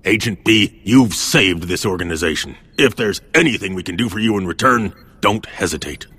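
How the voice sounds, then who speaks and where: A man voicing a gruff, middle-aged cartoon spy chief who gives brisk, commanding briefings. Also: sits low, pushed and bright, no echo, exaggerated voice.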